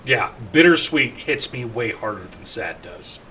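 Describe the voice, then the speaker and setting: Bright-voiced chatty male streamer. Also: medium pitch, a little hiss or hum. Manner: chatty and animated, quick asides to chat. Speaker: live streamer. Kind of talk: casual live-stream chat while gaming.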